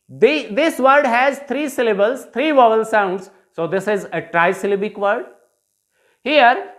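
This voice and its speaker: In a classroom-style lesson, a woman with an Indian accent teaches English syllables, drilling words slowly and repeating them for learners to copy. Her voice is mid-range and a bit bright.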